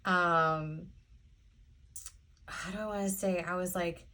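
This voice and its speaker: A woman's voice: fairly low pitch, fairly even intonation, measured pace, fairly bright tone. Chatty, sassy woman reading tarot. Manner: chatty, sassy, rambling with many fillers. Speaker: tarot reader. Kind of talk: casual pick-a-card tarot reading.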